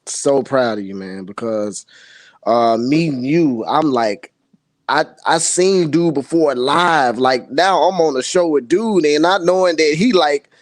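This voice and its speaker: A man co-hosting a podcast who talks in a casual, halting way, often adding "you know what I'm saying". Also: a little high, no room sound. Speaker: podcast co-host. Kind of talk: casual supportive chat.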